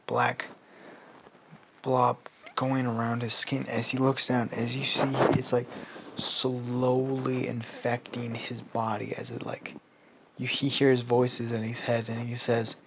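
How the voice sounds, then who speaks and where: A man's voice: medium pitch, fairly bright tone, a little hiss or hum, poor audio. A sleepless man improvising a fan story, rambling and swearing, full of fillers. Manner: rambling, filler-heavy and profane.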